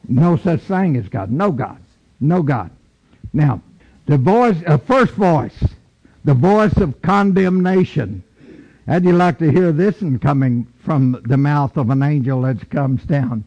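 A man delivering a sermon at a deliberate, unhurried pace, his voice slightly raised and gravelly. He repeats his points for emphasis and swells to a booming tone when he quotes scripture. The recording sounds dull and lo-fi. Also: a little mellow. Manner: slow, emphatic preaching with repetitions, booming when quoting scripture. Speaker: preacher.

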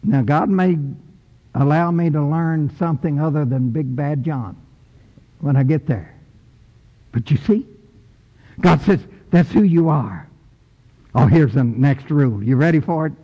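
A man's voice: a little high, measured pace, pauses often, dull audio. Emphatic man preaching in a reverberant hall. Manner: emphatic, swings from loud to soft. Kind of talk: sermon. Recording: long church reverb.

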